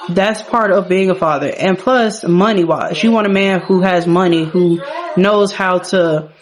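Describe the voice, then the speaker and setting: A woman's voice: fairly low pitch, a little slow. Woman vlogger, casual game narration, candid, swears offhandedly. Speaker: gaming vlogger.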